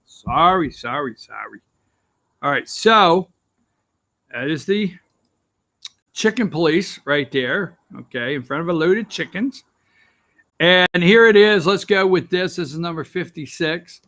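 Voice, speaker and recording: A man's voice: a little high, expressive, a little slow, long pauses, bright, forceful tone. A man hosting an opinion talk show, ranting with sarcastic, rambling asides.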